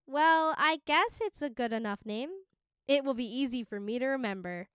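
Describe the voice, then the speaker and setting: A woman's voice: sits high, animated, normal speed, a bit bright, clear, resonant tone, no echo. A woman voicing a kind, plucky young village girl in a storybook read-aloud. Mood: friendly.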